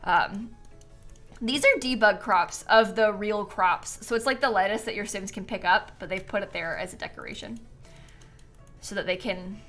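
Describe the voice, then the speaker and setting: A woman's voice: mid-range voice, normal speed, fairly bright tone, faint music behind. A woman chatting casually to viewers on a live game stream, bubbly and giggly, a bit tired and yawning.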